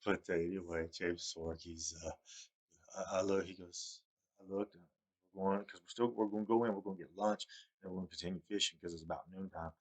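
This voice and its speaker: His delivery is steady and brisk as he recounts fishing trips in a rambling way. He chuckles, repeats points, and lifts his pitch whenever he imitates someone else.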